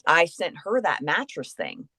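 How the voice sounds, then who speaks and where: A woman guest on a podcast, chatting casually about faith and telling a story in a lively way, acting out the voices of the people she quotes. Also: fairly low pitch, a little slow, slightly rough, no echo, clean studio sound.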